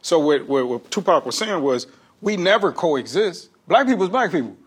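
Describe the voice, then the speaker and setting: A male comedian, a guest on an interview show, speaks in a high, husky voice. His pitch swings all over the place as he tells stories in loose slang, laughing often. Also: sing-song, normal speed. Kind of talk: casual interview storytelling.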